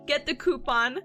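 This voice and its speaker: Bubbly high-voiced woman streamer. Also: pushed and bright. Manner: giggly, bubbly storytelling, frequent laughter. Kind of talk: casual chat stream.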